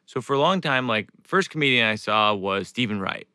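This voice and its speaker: A man's voice: mid-range voice, animated, a little fast, sharp tone, clean tone. A man from Massachusetts, a comedian talking casually and laughing at himself on a podcast. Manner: self-deprecating, laughs often. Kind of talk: casual chat.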